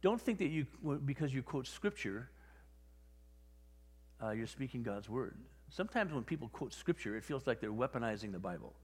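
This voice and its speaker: A male pastor preaching in a casual, animated style, with a voice of ordinary middle pitch. He talks to the congregation like he is chatting with them, slipping into quoted voices as he goes. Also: normal speed, breathy edge, big-room sound. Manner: conversational, animated, acts out quotes. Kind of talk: sermon.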